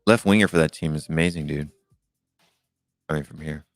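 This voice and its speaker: A man's voice: a bass voice, brisk, long pauses, dry recording, faint music behind. A middle-aged man hosting a live call-in show, chatting casually and rambling with many fillers and restarts. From United States. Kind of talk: casual live-stream chat.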